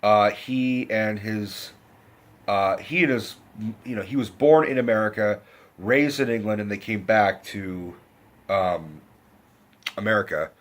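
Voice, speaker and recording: A man giving a casual, rambling film review rant, loose and profane, jumping into pitched-up impressions of the characters. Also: measured pace. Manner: profane, animated retelling with pitched-up acted quotes.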